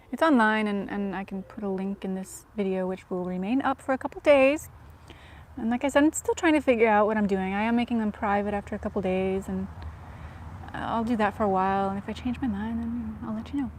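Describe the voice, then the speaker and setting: A woman vlogger chatting casually to viewers, soft-spoken and often dropping to a whisper, self-deprecating. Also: medium pitch, a little hiss or hum.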